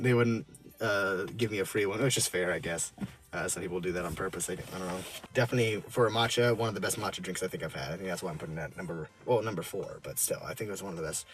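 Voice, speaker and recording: A man casually reviewing drinks from his car, halting and full of fillers and restarts, chuckling often. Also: low voice.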